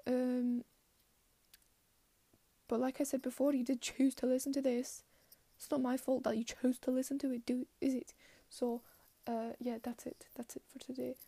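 A young woman in her late teens hosting a solo podcast. She rambles in a put-on Scottish accent, is hard on herself, and often trails off into soft murmurs. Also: sits high, vocal fry, no echo. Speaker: podcast host.

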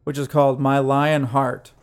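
A man co-hosting a casual music podcast, calmly explaining the songs and laughing along with his co-host. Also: mid-range voice, normal speed, clean tone. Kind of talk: casual music review chat.

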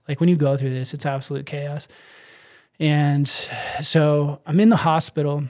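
A man's voice: on the high side, a little mellow. A man telling his own story in a casual interview, rambling with many fillers and acting out his own thoughts. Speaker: guest.

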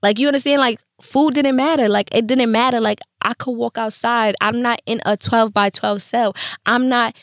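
A young woman telling her story as a podcast guest, animated and profane, acting out quotes in street slang. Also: on the high side, normal speed, hardly any pauses, dry recording, studio quality. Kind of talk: candid storytelling interview.

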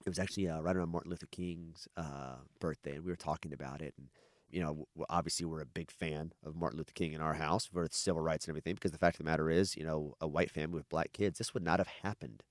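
Deep-voiced, fast-talking man venting candidly. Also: steady tone, dry recording, clean studio sound. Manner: candid, rambling, frequent restarts and swearing. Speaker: adoptive father. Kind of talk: casual podcast conversation.

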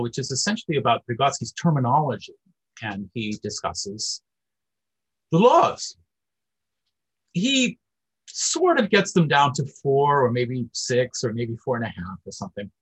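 A man's voice: mid-range voice, big pitch swings, moderate pace, slightly rough, low-quality recording. A man giving an academic lecture in a discursive way, with frequent fillers.

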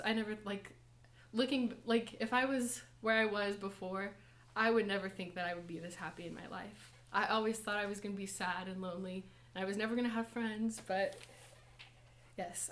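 Her intonation fairly even and her pitch medium, a young woman gives a personal testimony and a short lesson to a church college group. She speaks gently and falteringly, with plenty of fillers and nervous laughter.

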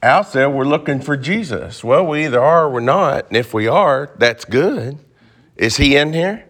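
A man's voice: medium pitch, lively intonation, normal speed, fairly bright tone. A man teaching an interactive Bible class, joking and asking the class questions.

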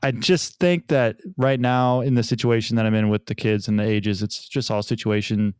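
A father of young children in his thirties, appearing as a podcast guest, casually swaps family stories in a lowish, smooth voice at a moderate pace. He's relaxed and sometimes acts out what family members said, and the clean studio recording has no room sound.

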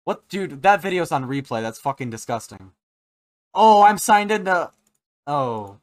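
A man's voice: on the high side, big pitch swings, a little slow. A man co-hosting a podcast, rambling and laughing as he tells stories in casual chat. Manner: rambling, trails off and restarts, laughs often. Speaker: podcast co-host.

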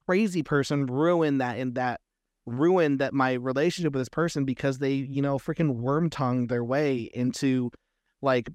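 A man's voice: medium pitch, no echo, clean studio sound. A man as an interview guest, telling a story casually and acting out quoted exchanges. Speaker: comic book creator, guest.

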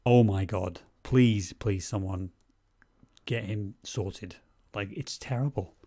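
Opinionated man with a low, dry voice. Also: slow, no echo. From Scotland. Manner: animated, opinionated, swears for emphasis. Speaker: podcast co-host. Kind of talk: casual film review chat.

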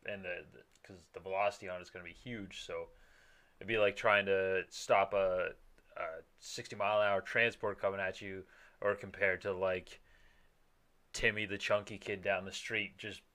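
A man in casual conversation with a bright, forceful voice that sits a little low. He rambles, restarts his sentences often and swears now and then. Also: level tone, normal speed. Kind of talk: casual chat.

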